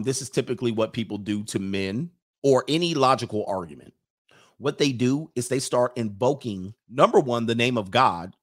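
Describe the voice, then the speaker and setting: A man's voice: mid-range voice, fairly bright tone. A man with an ordinary mid-range voice hosts a reaction commentary. He talks bluntly and argumentatively, mocking the comments he reads and dropping casual slang as he goes. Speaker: commentary host reading viewer comments.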